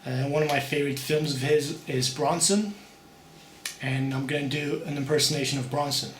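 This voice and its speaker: A young man talking casually to camera about doing impressions, relaxed and unhurried with fillers. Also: on the high side. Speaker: aspiring actor showing impressions. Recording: echoey room, faint background hum.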